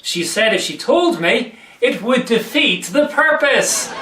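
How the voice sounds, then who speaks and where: A man's voice: very high voice, very animated, takes it slowly, pushed and bright, far from the mic, some chatter behind, a little hiss or hum. A man presenting a comic church devotional video, telling jokes and answering himself as a weary skeptic. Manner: plays both joke-teller and weary skeptic. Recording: echoey room, off mic.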